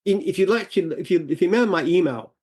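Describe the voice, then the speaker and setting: A man's voice: sits high, lively intonation, quick pace, a little mellow, slightly rough. An Australian man, a business founder, answering interview questions in an earnest, emphatic way, often repeating and restarting phrases. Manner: earnest, emphatic, repeats himself when explaining. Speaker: franchise founder, guest.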